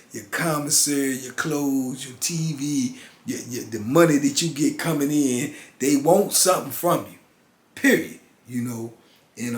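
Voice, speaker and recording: Emphatic older man in an echoey room. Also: mid-range voice. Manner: emphatic street talk, rhythmic repetition. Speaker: channel host, former prisoner. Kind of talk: casual storytelling monologue. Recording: echoey room with faint noise.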